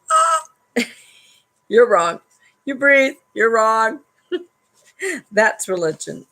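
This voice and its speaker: A woman's voice: medium pitch, low-quality recording. A woman hosting a live stream at home, reading a book aloud and adding wry commentary, laughing often between passages.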